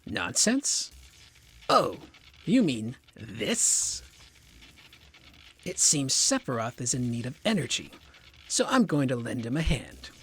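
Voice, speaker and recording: A man voicing a cold, scheming older male scientist as he reads game dialogue aloud, in slow, drawn-out, mocking tones. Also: medium pitch, sing-song, husky, exaggerated voice.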